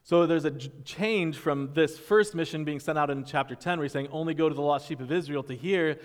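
A pastor preaching a sermon to his congregation, animated, sometimes acting out the disciples' reactions in little voices. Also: on the high side, brisk. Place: church sanctuary. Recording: long hall reverb.

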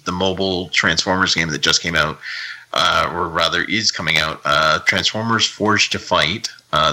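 A Canadian man hosting a podcast, chatting casually and reading out news in a relaxed, rambling way with many fillers. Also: sits low, poor audio. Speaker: podcast host.

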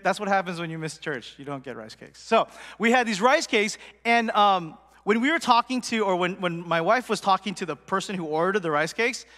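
A man's voice: sits high, sharp tone, in a large hall. A male pastor giving a casual, chatty sermon in a church, talking to the congregation with lots of fillers, acting out quotes and sometimes dropping to a whisper for effect. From Portland. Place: church hall.

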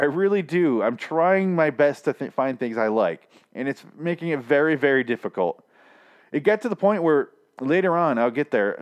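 A man ranting with exasperation and frequent swearing while reviewing a TV season. His voice is going hoarse from shouting. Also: on the high side. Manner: exasperated, profane, repetitive. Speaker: TV show reviewer.

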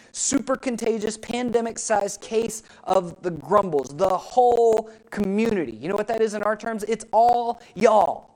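A woman pastor preaching a sermon, rising in pitch and volume for emphasis and asking the congregation questions. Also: a little mellow, poor audio. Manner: speaks directly to the congregation with questions.

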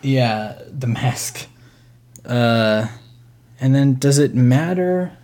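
An easygoing man co-hosting a podcast, chatting casually and agreeing often. He fills his pauses with ums and uhs. His voice sits at an ordinary middle pitch. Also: lively intonation, darkish tone. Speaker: podcast co-host. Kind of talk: casual chat.

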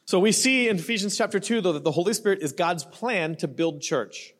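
Fairly quick and animated, the high-pitched, fairly bright voice belongs to a middle-aged male pastor who isn't Australian. He preaches casually and with humor, frequently checking in with listeners through "right?" and "you know."

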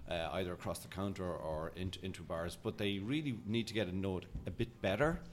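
A man's voice: low voice, a little fast, slight background noise. A man with an Irish accent, a podcast guest chatting casually and telling jokey stories. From Ireland. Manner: storytelling, jokey and relaxed. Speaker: guest, whiskey brand ambassador.

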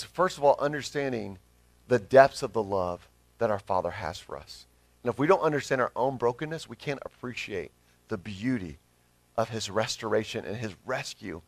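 A man's voice: mid-range voice, a little slow, no echo. A man in his thirties, a pastor giving an earnest, conversational sermon with rising emphasis.

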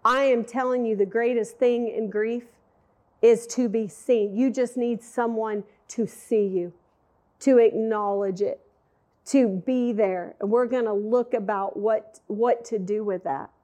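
A middle-aged woman with a drawl delivers a heartfelt sermon in a high, bright voice. She talks to the room like friends, conversational and openly emotional. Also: fairly even intonation, measured pace. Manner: emotional, conversational, addresses audience directly. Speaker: women's Bible teacher.

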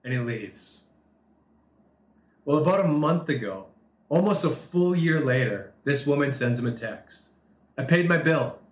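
A man's voice: on the high side, animated, a little slow, long pauses, roomy sound. A man preaching a sermon, telling a story with earnest emphasis and acted-out dialogue. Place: Turkey.

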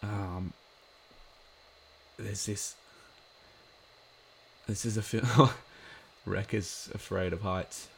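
A man's voice: on the low side, fairly even intonation, extremely slow, vocal fry, long pauses, fairly bright tone, slight background noise. A man giving a casual watch-along commentary of an episode, chatty and rambling with lots of filler words.

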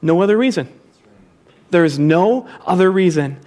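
High-voiced man preaching a sermon. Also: lively intonation, moderate pace, darkish tone. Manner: emphatic preaching, repeats key phrases, asks the congregation to respond. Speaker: pastor.

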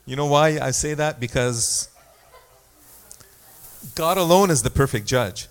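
A man's voice: medium pitch, measured pace. A man preaching a sermon as pastor, talking in a conversational way with self-deprecating asides and small stories.

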